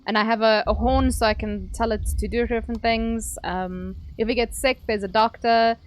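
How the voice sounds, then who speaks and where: A woman's voice: on the high side, fairly even intonation, moderate pace. A woman streaming a game, chatting casually and swearing while she plays. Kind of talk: casual gameplay commentary.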